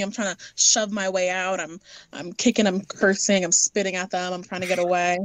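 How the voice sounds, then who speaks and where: A woman's voice: medium pitch, flat delivery, normal speed, fairly bright tone, dry recording, poor audio. A woman playing a character in a tabletop game, narrating her actions in first person. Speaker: player.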